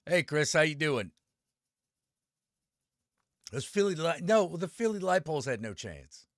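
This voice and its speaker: A man's voice: on the high side, very animated, unhurried, dry recording, clean studio sound. A man live-streaming and chatting with viewers, ranting with a lot of swearing and greeting people by name. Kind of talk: casual live-stream chat.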